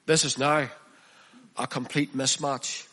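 A man preaching a sermon, reading scripture aloud and expounding it with passion, his voice dropping hushed and then rising loud. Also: mid-range voice, level tone, slow, breathy edge. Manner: impassioned, swinging from hushed to loud.

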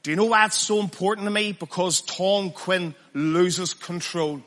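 Male preacher, sermon delivery; forceful bright tone, emphatic, heavy on rhetorical questions. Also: sits high, normal speed.

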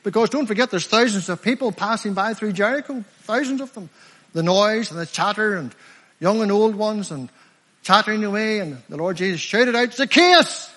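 Preaching an evangelistic sermon, a passionate middle-aged man from Northern Ireland slows and stretches his most important phrases to give them weight. His fairly bright voice sits high for a man, and the long echo of a big hall fills the sound.

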